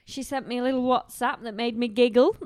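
Yorkshire woman, bubbly podcast co-host, high-ish voice, dry close sound. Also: steady tone, brisk, darkish tone, clean tone, no room sound. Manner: bubbly, laughs often. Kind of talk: casual chat.

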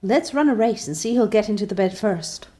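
A woman's voice: medium pitch, animated, fairly quick, warm tone, voice pushed up, natural voice. A woman voicing a dreamy, dramatic young girl in a storybook reading, speaking in an earnest, theatrical way.

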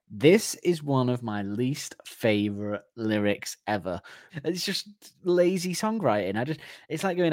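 A man's voice: medium pitch, lively intonation, normal speed, no room sound. Man, podcast co-host, laughs a lot, joking riffs, dry close mic. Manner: laughs often, acts out mock phone calls. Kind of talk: casual comedic chat.

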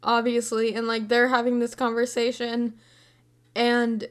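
A woman of about eighteen chatting casually about a movie, scattered and excitable, rambling from thought to thought. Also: on the high side, measured pace. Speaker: movie reviewer. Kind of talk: casual chat.

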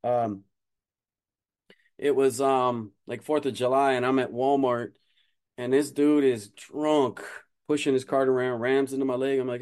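A man's voice: medium pitch, normal speed, darkish tone. A man hosting a self-defense podcast, talking casually in a rambling way with lots of fillers and jokes. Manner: rambling, many fillers, joking. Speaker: podcast host, martial arts instructor.

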